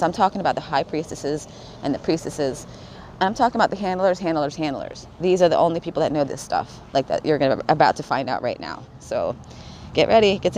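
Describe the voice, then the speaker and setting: A woman's voice: low voice, darkish tone, slight background noise, poor audio. A woman vlogging in a rambling, casual way, swearing freely, laughing often and smoking while she talks. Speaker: spiritual vlogger.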